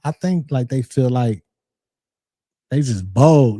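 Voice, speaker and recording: A young man riffs through a reaction video in easygoing slang, calling out to his viewers as he goes. His voice is very dark and mellow. It sits close and dry, with no room sound around it. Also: medium pitch, lively intonation, slow, slightly rough, no echo. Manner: laid-back slangy banter, talks to chat. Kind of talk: casual reaction commentary.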